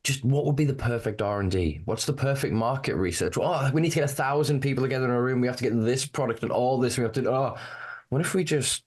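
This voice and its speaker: A podcast correspondent from Northern England talks fast in a medium-pitched, slightly rough voice. He's in a casual podcast chat, ranting with passion and plenty of profanity.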